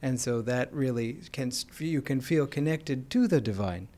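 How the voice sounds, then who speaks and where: A man with an American accent giving an informal spiritual talk, explaining in a conversational way with gentle humor. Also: medium pitch, expressive, measured pace. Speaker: spiritual teacher.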